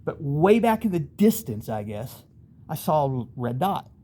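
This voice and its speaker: A man's voice: fairly high pitch, sing-song, a little slow, warm tone. A man casually telling a rambling, vivid first-person story, acting out voices in sudden bursts.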